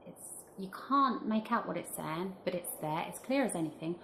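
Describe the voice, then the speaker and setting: Lowish woman, echoey voice-over. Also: expressive, moderate pace, fairly bright tone, a little hiss or hum. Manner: earnest, building suspense. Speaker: paranormal investigator narrating. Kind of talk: vlog voice-over recap. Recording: echoey room with music behind.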